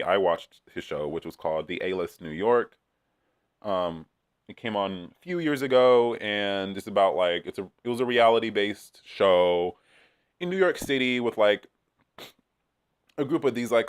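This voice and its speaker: A man's voice: sits low, a bit bright, no room sound, clean studio sound. A man chatting casually in a rambling, profane way, with many fillers, as he recaps a reality show. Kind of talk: casual chat.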